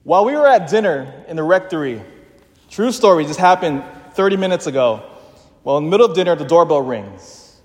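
A man, a parish priest, giving an emphatic, storytelling sermon that slows down for emphasis. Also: a little high, animated. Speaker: pastor. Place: church. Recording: long church reverb.

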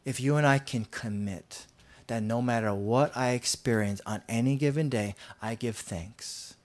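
A pastor delivers a sermon in an earnest, mid-range voice at a measured pace. He gets loud when reading scripture, sinks to near-whispers at other moments, and often repeats or restarts his words.

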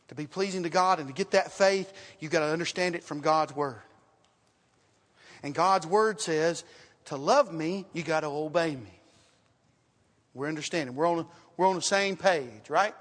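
A man preaching a sermon in a church, emphatic, repeating his phrases and asking rhetorical questions, swinging from loud to hushed. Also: on the high side, long reverb tail. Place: church sanctuary.

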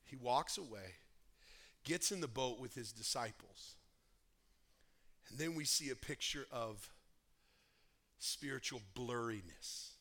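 A man preaching a sermon, impassioned, swinging between hushed talk and loud appeals to the congregation. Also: mid-range voice, animated, slow, pauses often. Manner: addresses the congregation directly. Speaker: pastor.

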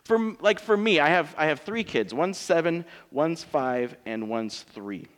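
A man's voice: on the high side, animated, measured pace. A man in his thirties, a pastor preaching a sermon in church in a conversational, joking way, asking his congregation rhetorical questions.

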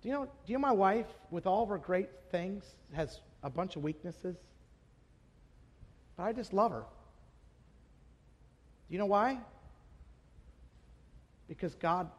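Pastor, man, high voice, impassioned sermon in a church with a long echo. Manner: passionate preaching, swinging between hushed and shouted. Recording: long hall reverb.

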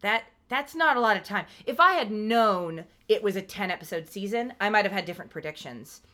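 A woman co-hosting a casual TV recap podcast, talking animatedly, swearing and acting out scenes in quick quoted asides. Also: mid-range voice, lively intonation, pushed and bright. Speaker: podcast co-host.

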